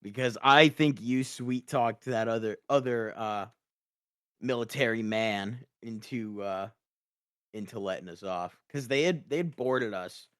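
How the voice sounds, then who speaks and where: A young man chatting casually on a podcast, laughing often and poking fun at himself. He restarts his sentences as he goes. His voice is mid-pitched and recorded close and dry. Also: fairly bright tone, clean tone, no echo. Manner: laughs often, self-deprecating, halting restarts. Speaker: podcast guest. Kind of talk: casual chat.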